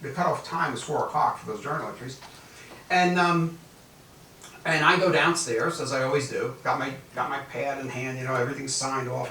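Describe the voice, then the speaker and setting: A man in his seventies giving an animated, jokey storytelling keynote speech as guest speaker in a large conference hall. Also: mid-range voice, slight background noise. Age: 70s. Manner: animated, jokey, acts out quoted voices. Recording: echoey hall, voice from far off.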